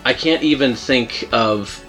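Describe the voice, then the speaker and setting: A man's voice: mid-range voice, takes it slowly, fairly bright tone, soft background music. A man hosting a casual podcast chat, rambling and full of fillers, laughing often. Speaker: podcast host.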